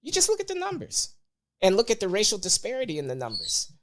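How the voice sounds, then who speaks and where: A man talking as a podcast guest, measured and deliberate, pressing hard on key words. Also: high-pitched, wildly swooping pitch, fairly bright tone. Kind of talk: conversational opinion talk.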